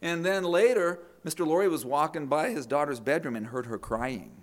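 A middle-aged man preaches as a pastor in a fairly high voice at normal speed. His sermon weaves in family stories with acted quotes, and he tends to repeat words as he begins thoughts again.

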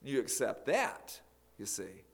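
A man preaching a sermon, emphatic, swinging from loud declarations to near whispers. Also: medium pitch, wildly swooping pitch, takes it slowly, gravelly, breathy edge.

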